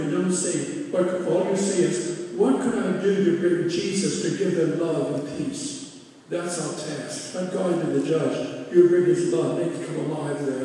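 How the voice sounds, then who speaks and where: An older man, a priest, telling stories in a conversational way, with halting restarts and quoted voices acted out. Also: fairly high pitch, mellow. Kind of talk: storytelling talk. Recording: echoey hall from far off.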